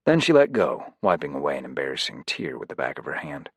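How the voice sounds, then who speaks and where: A man narrating an audiobook with an expressive, varied delivery. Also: rumbling low, fast, gravelly, slightly rough, no room sound.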